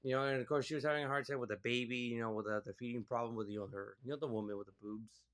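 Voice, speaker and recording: Rambling through a movie review, a man keeps reaching for "like" and "you know" in a loose, casual style. His middle-pitched voice is fairly bright and clean, with fairly even intonation and a very fast pace.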